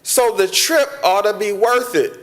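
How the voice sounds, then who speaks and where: A man's voice: high voice, expressive, measured pace. A man, a mayor giving a preacherly banquet speech from a podium that builds to impassioned peaks. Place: large banquet hall with an audience.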